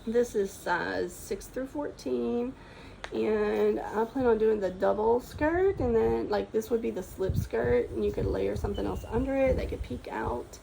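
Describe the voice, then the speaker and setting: A woman's voice: a little high, expressive, unhurried, creaky, dark tone, a little hiss or hum, poor audio. A woman chatting casually in a sewing vlog, enthusiastic and rambling, with frequent ums and restarts. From Texas. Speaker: sewing vlogger. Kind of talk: casual show-and-tell chat.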